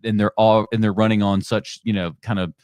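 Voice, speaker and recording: A man's voice: fairly low pitch, flat delivery, fairly quick, darkish tone, clean tone, dry recording. A man hosting a movie podcast, reacting bluntly and sarcastically to clips and laughing often. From United States. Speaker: podcast host. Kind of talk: reacting to videos on a live stream.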